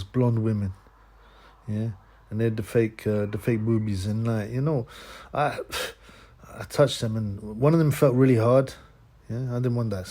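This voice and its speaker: Crude and scornful, a channel host rants through a monologue, tacking "man" and "yeah?" onto his lines. He speaks at a medium pitch with a slightly mellow tone.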